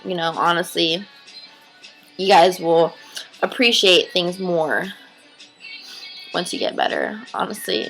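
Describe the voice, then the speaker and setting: A woman speaks to her viewers in a loose, heartfelt vlog, drifting between thoughts and cursing without a second thought. Her voice has a crisp, forward brightness with a gravelly edge of fry. Faint music sits underneath. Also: mid-range voice, poor audio. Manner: earnest, rambling, swears freely. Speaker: vlogger. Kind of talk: casual heartfelt talk to camera.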